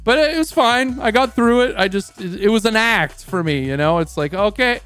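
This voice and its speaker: High-voiced Canadian man swearing casually. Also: animated, normal speed, fairly bright tone, soft background music. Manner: profane, rambling storyteller. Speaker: streamer. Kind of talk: casual stream chat.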